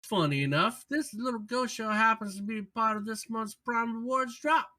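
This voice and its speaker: Male co-host, bright tense tone, emphatic, casual chat and read-alouds. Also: high voice, moderate pace. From United States. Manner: emphatic, exasperated outbursts. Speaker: podcast co-host. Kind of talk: casual gaming podcast chat and reading patch notes aloud.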